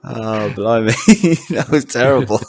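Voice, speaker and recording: A man's voice: mid-range voice, unhurried, gravelly, darkish tone, no room sound. A Welsh-born man co-hosting a casual podcast chat, laughing often and restarting his sentences. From Wales. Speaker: podcast co-host.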